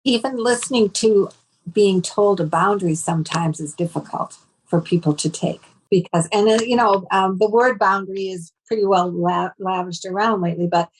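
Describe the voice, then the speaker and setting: A woman's voice: mid-range voice, normal speed, a little hiss or hum, poor audio. A woman guest, a mental health professional, giving advice in an interview, hesitant with many ums and restarts.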